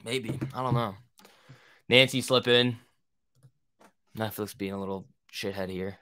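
A man's voice: on the low side, steady tone, measured pace, bright, forceful tone, smooth. A young man hosting a trading livestream, answering viewer questions in a rambling, profane, joking way. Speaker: stock trading livestream host.

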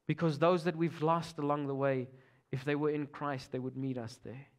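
A man with an Afrikaans South African accent preaching with a fairly high voice. He swings between loud, urgent exhortation and soft, almost whispered moments. It is an emotional sermon style. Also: fairly even intonation, normal speed. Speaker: pastor.

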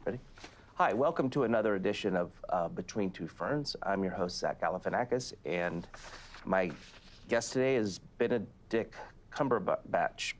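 A middle-aged man hosting a comedic interview, asking awkward questions in a deadpan, halting manner. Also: low-pitched, a little hiss or hum. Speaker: talk show host.

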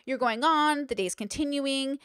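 A woman podcast host talks in a casual monologue with a slightly high voice. She is emphatic and chatty and keeps asking rhetorical questions. The sound is dry, with no room echo. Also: moderate pace, a bit bright.

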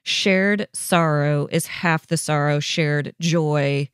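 Woman host, reflective and affirming, smooth tone, dry close sound. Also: sits low, slow pace, dry recording. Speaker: podcast host. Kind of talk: conversational interview.

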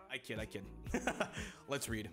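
A young man reads viewer messages during a live stream, chatting casually at a medium pitch. He's excitable, breaks into loud outbursts, swears, and stutters, restarting frequently.

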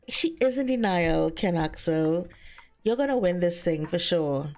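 A woman's voice: on the low side, lively intonation, unhurried, a little mellow. Chatty woman narrating a life-sim game. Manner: chatty, voices the characters' dialogue in her own voice. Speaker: Sims let's play narrator. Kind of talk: casual gameplay narration.

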